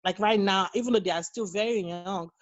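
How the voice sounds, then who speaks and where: A woman's voice: medium pitch, fairly quick, dry recording, dull audio. A woman in her thirties, a guest on a podcast, talking earnestly and telling stories in a casual interview. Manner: earnest, storytelling, acts out quoted dialogue. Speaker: guest, nurse and mother.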